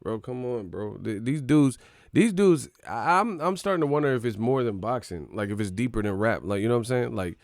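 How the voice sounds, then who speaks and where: A man's voice: medium pitch, animated, fairly quick, no echo, studio quality. A man ranting on a boxing livestream, profane and mocking as he reacts to his chat. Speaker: boxing channel streamer. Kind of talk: casual livestream rant.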